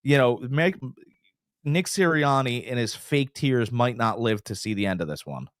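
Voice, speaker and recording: A man co-hosts a sports podcast in an animated, hyperbolic way, his pitch swinging high and low as he talks. His voice sits at a middle pitch. The sound is dry and close. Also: normal speed, no room sound. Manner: animated, hyperbolic, jumps into little impressions. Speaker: podcast co-host. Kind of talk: casual sports betting chat.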